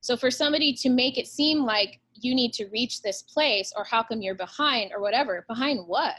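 Blunt, profane woman with a higher voice. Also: fairly bright tone. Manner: blunt and profane, fast-flowing pep talk. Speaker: real estate agent, guest. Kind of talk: casual podcast interview.

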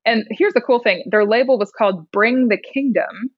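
Animated young woman storyteller, muffled audio. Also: on the high side, moderate pace, husky, dry recording. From Indiana. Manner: animated storyteller, acts out quoted voices, laughs often. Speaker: podcast guest, songwriter and rapper. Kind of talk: casual storytelling chat.

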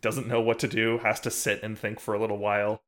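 A man's voice: lowish voice, monotone, fairly quick, fairly bright tone. Laid-back man recapping with lots of ums. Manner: laid-back, many ums and uhs, laughs often. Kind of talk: casual chat recapping a TV episode.

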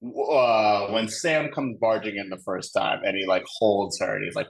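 A man's voice: on the low side, fairly even intonation, normal speed, gravelly, hardly any pauses, slight background noise, low-quality recording. A man co-hosting a casual movie review podcast, laughing often and imitating actors' lines. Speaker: podcast co-host.

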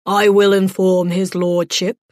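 A woman voicing a cold, solemn male butler who speaks slowly in a hollow, intoning voice. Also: on the low side, steady tone, a little mellow, no room sound, studio quality. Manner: hollow, intoning, slow and stiff.

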